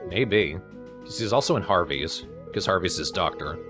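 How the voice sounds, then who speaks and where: A man's voice: low voice, lively intonation, normal speed, music in the background. A man casually commentating a game he is playing, explaining its mechanics and laughing easily. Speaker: let's play host.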